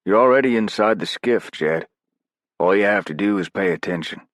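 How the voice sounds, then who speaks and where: A man's voice: on the low side, moderate pace, no room sound, voice pushed up, natural voice. A man voicing a wry, easygoing veteran special ops leader who teases in a folksy way, in an audiobook.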